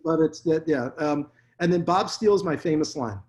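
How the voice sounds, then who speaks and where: Blunt storytelling dentist, slightly high voice. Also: male voice, normal speed, a little mellow. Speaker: dentist guest. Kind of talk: casual interview storytelling.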